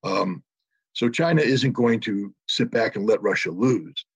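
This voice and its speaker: A man answering a question on a panel, giving measured analysis with many pauses and fillers. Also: medium pitch, lively intonation, slightly rough, no echo. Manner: measured, many ums and uhs. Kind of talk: analytical commentary.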